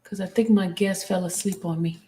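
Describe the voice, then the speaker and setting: A woman's voice: lowish voice, steady tone, brisk, dark tone, a little hiss or hum. A woman hosting a casual live stream from home, chatting and calling viewers into the conversation. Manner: chatty, teasing, calls out to viewers. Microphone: headphones with mic. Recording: roomy echo.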